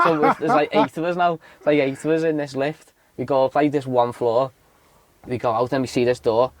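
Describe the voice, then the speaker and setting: A man's voice: mid-range voice, a little fast, dry recording. A man from the Liverpool area, co-hosting a podcast and telling a rowdy anecdote, swearing and acting out the voices of the people in it. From Southport, Liverpool area. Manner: animated storyteller, swears a lot, acts out others' voices. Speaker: podcast co-host. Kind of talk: casual chat, anecdote.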